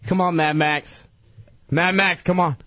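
A man on a radio show ranting angrily and taunting someone with loud yells. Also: high voice, steady tone, measured pace, dull audio. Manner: angry, taunting and yelling.

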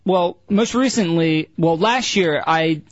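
A man with a high voice talks eagerly in casual radio banter. His sound is dry and close. It has a dull, lo-fi edge. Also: slow, no echo. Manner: eager, defensive about his hobby. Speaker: radio show co-host.

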